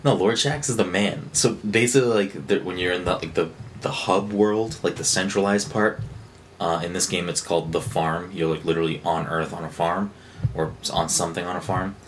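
A man co-hosting a podcast in casual chat, rambling and excitable with lots of fillers and restarts. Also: low voice, a little fast. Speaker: podcast co-host. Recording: faint background noise.

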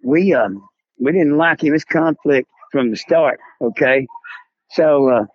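A man's voice: a little high, measured pace, no room sound, muffled recording. An older man with a Texan accent, telling a rambling story as an interview guest. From South Texas. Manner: drawling, rambling storyteller, acts out voices in quotes.

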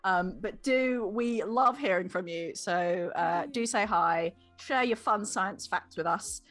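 A woman's voice: medium pitch, fairly bright tone, soft background music. A woman hosting a live tabletop science show, wrapping up in a bubbly, rambling way with a British background. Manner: bubbly, rambling, quick to laugh. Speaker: host. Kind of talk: casual wrap-up chat on a live show.

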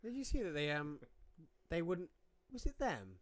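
A man's voice: on the high side, huge pitch swings, moderate pace, dry recording. A man co-hosting a live fight watch-along in casual, joking chat, teasing his friend and stumbling over fighters' names.

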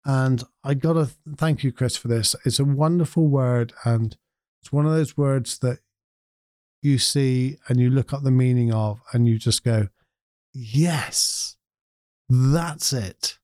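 Mellow-voiced man musing over viewer comments. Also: medium pitch, steady tone, normal speed, dry recording, clean studio sound. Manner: reflective, chuckles often. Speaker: host reading viewer comments. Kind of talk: casual chat reading comments aloud.

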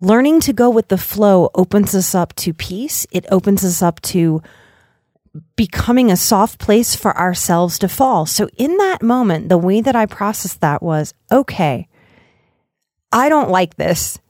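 A middle-aged woman hosts a reflective self-care talk, speaking earnestly and gently. She builds her points in rhythmic lists of short phrases. Her voice sounds dry and close, with no room around it. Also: mid-range voice, lively intonation, a little slow, dry recording. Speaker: podcast host.

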